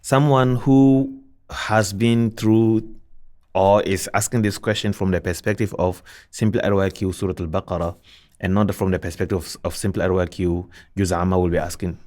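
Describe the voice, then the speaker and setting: A man's voice: low-pitched, steady tone, moderate pace, a little mellow. A man teaching Quran recitation rules, patiently repeating points, asking and answering his own questions, and chanting verses as examples.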